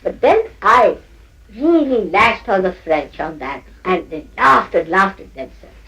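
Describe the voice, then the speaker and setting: A woman's voice: mid-range voice, animated, measured pace, bright, forceful tone, rough recording. An older woman teaching at a spiritual gathering, scolding her listeners playfully and often breaking into laughter as she mimics them.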